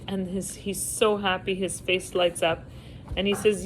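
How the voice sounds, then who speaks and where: Low-voiced woman telling a story. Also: a little slow, a little hiss or hum, poor audio. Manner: animated storyteller, acting out quotes. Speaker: Torah class teacher. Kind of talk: storytelling in a class.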